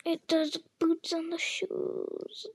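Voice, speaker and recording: A woman's voice: very high voice, completely flat delivery, takes it slowly, no room sound, heavily acted. A woman reading the lines of a male griffin in a storybook, solemn and impatient, often half-whispered.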